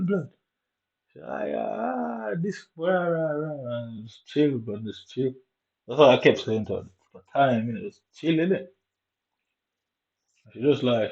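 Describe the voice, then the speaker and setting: A young man rambles through a personal story at an easy, unhurried pace. His speech is full of "innit" and "you get me", with a mid-pitched, everyday voice. The recording sounds dull and lo-fi. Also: darkish tone. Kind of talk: casual storytelling monologue.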